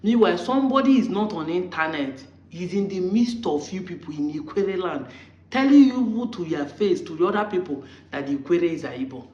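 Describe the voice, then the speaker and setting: A Nigerian-accented man with a high voice argues combatively, hammering his critics with one rhetorical question after another. The sound is roomy and a little dull, like a lo-fi recording in an echoey space. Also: animated, normal speed, darkish tone. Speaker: online commentator. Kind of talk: argumentative monologue.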